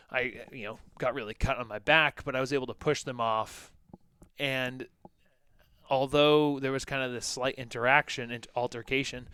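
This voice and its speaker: On a podcast he co-hosts, this man tells a personal story loosely and conversationally, leaning heavily on "like" and "you know." His medium-pitched voice is fairly bright, clear and resonant, with no echo.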